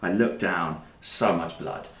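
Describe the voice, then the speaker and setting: A man's voice: low voice, slow pace. A man chatting on a livestream, telling a story and laughing often as he goes. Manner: animated anecdote-teller, laughs through his own story. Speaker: livestream host. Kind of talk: casual chat, storytelling. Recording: roomy echo with faint background hiss.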